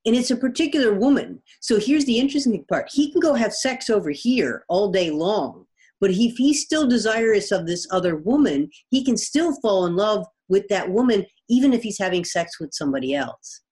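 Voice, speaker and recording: A woman's voice: medium pitch, expressive, normal speed, darkish tone. A woman guest, a biology professor, explaining things in casual conversation with everyday examples. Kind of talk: conversational interview.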